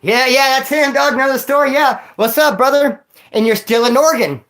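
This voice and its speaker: Man streamer, relaxed slangy storyteller, addresses a viewer on stream. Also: very high-pitched, brisk. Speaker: former prisoner streamer reading chat. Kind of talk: casual livestream chat and storytelling.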